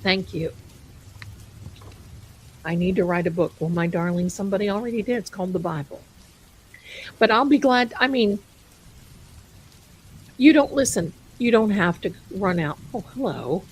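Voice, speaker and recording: A woman's voice: medium pitch, normal speed, pauses often, breathy edge, rough recording. A woman hosting a live stream, chatting casually and rambling, amused by her own jokes and calling viewers her darlings. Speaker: livestream host.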